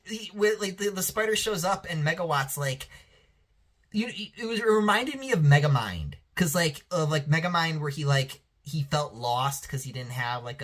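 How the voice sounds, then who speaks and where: A man's voice: fairly high pitch, fairly bright tone. A man talking casually as a reviewer, rambling and swearing freely, with many restarts and fillers. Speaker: show reviewer.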